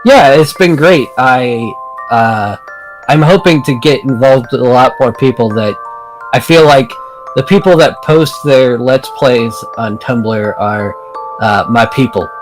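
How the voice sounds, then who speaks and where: A man's voice: medium pitch, a little slow, soft background music, low-quality recording. A man guesting on a let's play, talking casually and hesitantly with many fillers. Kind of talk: casual chat.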